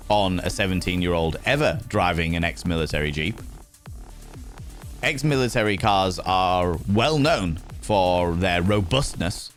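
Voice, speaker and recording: Animated, swearing British man streaming. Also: low voice. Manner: animated storyteller, swears freely, greets chat playfully. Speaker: livestream host. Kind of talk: casual chat with viewers.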